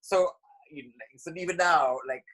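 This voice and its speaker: A dancer from India, guesting on a podcast, tells stories expressively, full of fillers and restarts. His voice is fairly high and a bit bright at normal speed, though the audio quality is poor.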